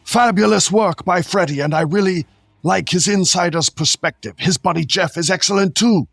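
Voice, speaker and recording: A man's voice: normal speed, vocal fry, a bit bright, no room sound, studio quality, faint music behind, heavily acted. A man putting on a hammy Viking voice to read a listener review aloud. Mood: hammy cheerful. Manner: high, booming, hammy delivery. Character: jolly male Viking reading a fan review aloud.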